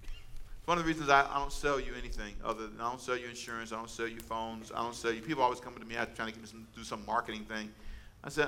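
A man's voice: mid-range voice, flat delivery, racing, sharp tone. A man preaching a sermon as pastor, conversational and humorous, calling out to his congregation for responses.

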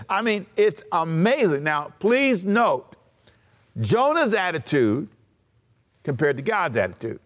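A man preaching a sermon as pastor, animated and conversational, with joking asides. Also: on the high side.

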